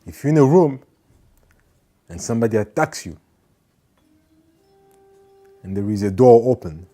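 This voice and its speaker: A man's voice: mid-range voice, lively intonation, measured pace, soft background music. A man giving an earnest motivational talk, repeating his points and now and then acting out angry people. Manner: earnest, repeats phrases, acts out shouting people. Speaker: motivational speaker.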